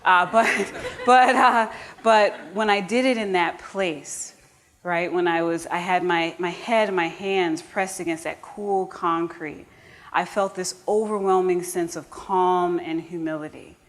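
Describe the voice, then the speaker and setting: A woman from the United States telling a personal story live on stage, earnest and warm-humored, with restarts and asides to the audience. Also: fairly low pitch, steady tone, a little slow.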